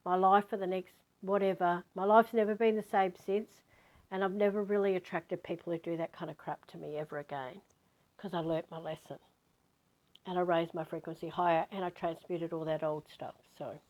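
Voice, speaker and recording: Low-voiced woman telling a spiritual story. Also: normal speed, low-quality recording. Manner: animated, emphatic, repeats words for stress; frank, swears casually. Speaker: spiritual teacher. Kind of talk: personal storytelling vlog.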